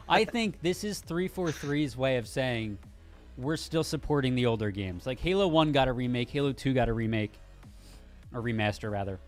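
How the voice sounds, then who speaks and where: A man's voice: mid-range voice, lively intonation, moderate pace, soft background music. A man co-hosting a casual gaming news show, rambling a bit with restarts as he reads out the news. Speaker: co-host.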